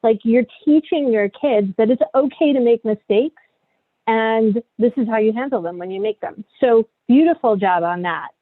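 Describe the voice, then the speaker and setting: A woman's voice: fairly high pitch, moderate pace, no room sound. A middle-aged woman coaching parents, candid and conversational, often checking in with "right?" at the end of a point. Her voice comes through a tinny, phone-like line. The sound is dry and close. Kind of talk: online parenting workshop.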